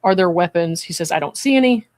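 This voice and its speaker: A measured, earnest commentator talks at a middle pitch, often pausing to check in with the listener. The sound is dry and close, with no room around it. Their delivery moves steadily between reading a transcript and giving their own view. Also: expressive, darkish tone, no room sound. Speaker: psychiatric evaluator hosting a commentary stream.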